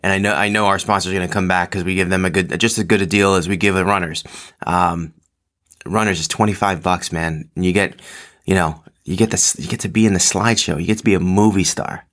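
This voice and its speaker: Deep-voiced man rambling on his podcast. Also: fairly even intonation, fast talker, fairly bright tone. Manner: rambling, full of ums and restarts, self-deprecating. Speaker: podcast host. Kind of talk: casual solo podcast chat.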